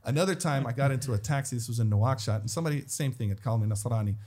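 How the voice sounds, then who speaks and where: Husky man telling animated stories. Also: mid-range voice, very fast. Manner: animated, acts out the people in his stories. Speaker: guest. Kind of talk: casual storytelling.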